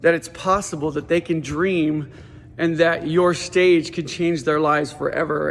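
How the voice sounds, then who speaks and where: A man who runs a teen center, giving an audition pitch and telling stand-up stories in a casual, animated way, saying "dude" and "like" a lot. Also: measured pace, creaky. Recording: long reverberant hall sound.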